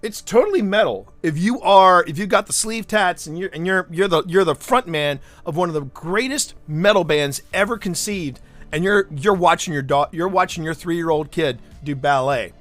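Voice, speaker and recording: A man's voice: high voice, moderate pace, faint music behind. A man streaming live, chatting casually and telling stories with lots of restarts and asides. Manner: animated storyteller, rambling with restarts. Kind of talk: casual livestream chat.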